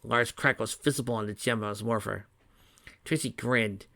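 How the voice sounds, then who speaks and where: A man reading fan fiction aloud in a steady voice, with small slips and restarts. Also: on the low side, normal speed, vocal fry, dry recording. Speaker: reader.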